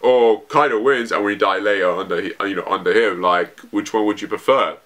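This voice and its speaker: Man, lowish voice, casual comic review, rambling, lots of restarts. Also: brisk, a bit bright. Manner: rambling, many restarts and fillers. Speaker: manga reviewer. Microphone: camera.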